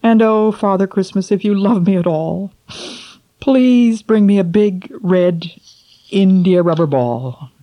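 A woman's voice: medium pitch, takes it slowly, dark tone, close to an everyday voice. A woman voicing a lonely, selfish old king who lists his wishes in a wistful, childlike way, in a storybook reading. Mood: pleading. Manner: childlike, wishful listing of wants.

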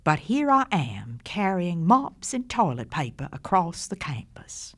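A woman voicing a genteel older Southern house mother with a Georgia accent, soft and breathy. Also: fairly low pitch, big pitch swings, a little slow, heavily acted. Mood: wistful.

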